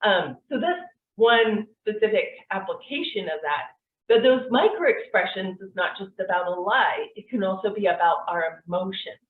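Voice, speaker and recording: A woman gives a relaxed, conversational lesson, explaining ideas with frequent fillers. Her voice sits at an ordinary middle pitch for a woman. It comes through thin and tinny, like a phone line, from some distance in an echoey room. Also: moderate pace. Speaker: NLP course instructor. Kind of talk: online course lecture.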